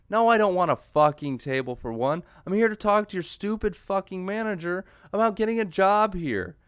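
A man's voice: high-pitched, expressive, brisk, hardly any pauses, smooth, dry recording, clean studio sound. A young man hosting a podcast, ranting in a comedic monologue, profane and sarcastic with an exasperated edge. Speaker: podcast host.

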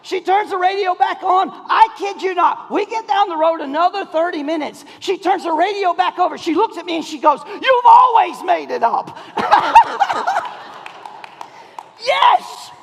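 A middle-aged man preaching a sermon, telling a story in an animated way, often laughing and shouting. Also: extremely high pitch, fairly quick, hardly any pauses. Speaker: pastor. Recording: long hall reverb.

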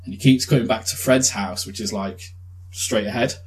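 A man's voice: on the low side, normal speed, poor audio. Young man telling a sweary story. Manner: animated storytelling with swearing and laughs. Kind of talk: casual chat.

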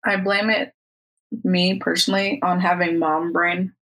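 A woman's voice: on the low side, level tone, a little slow, a bit bright, poor audio. A young woman co-hosting a podcast in casual chat, laid-back, laughing and swearing casually. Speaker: podcast co-host.

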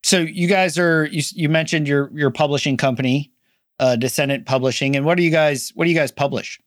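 A man's voice: a little high, a little fast, dry recording, studio quality. A man hosting a podcast, asking his guests questions in an easygoing, curious way. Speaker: podcast host. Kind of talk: interview questions, casual.

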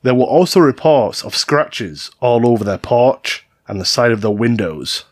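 Man, podcast co-host, lively up-and-down delivery, playful, dry close sound. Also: mid-range voice, unhurried, dry recording. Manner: playful, jokey, swears freely. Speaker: podcast co-host narrating stories. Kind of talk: casual podcast storytelling.

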